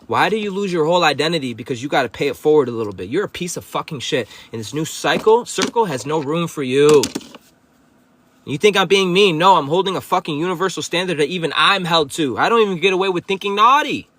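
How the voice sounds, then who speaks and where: A fired-up man, preaching spiritual talk straight to a livestream audience. His voice sits a bit higher than most men's, and he swears freely, calls people bro and dares his listeners to argue back. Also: lively intonation, fast, a bit bright. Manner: profane, confrontational, preachy, addresses viewers as bro. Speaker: livestream host.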